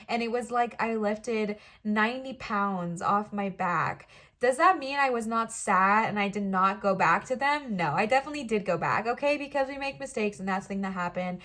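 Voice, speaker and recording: A woman's voice: medium pitch, a bit bright. A young woman giving an emotional, encouraging tarot reading, speaking straight to her viewers. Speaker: tarot reader.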